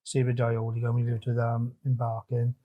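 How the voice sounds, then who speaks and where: A man's voice: mid-range voice, completely flat delivery, normal speed, lo-fi sound. A middle-aged man telling stories as a guest in a casual chat. He swears freely and trails off mid-sentence.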